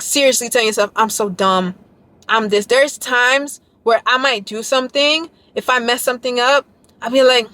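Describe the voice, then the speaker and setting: A woman's voice: medium pitch, fairly bright tone. A young woman vlogging to her viewers in a casual, rambling way, earnest and emotional about her dance journey. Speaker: YouTuber and dancer. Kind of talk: casual vlog chat to viewers.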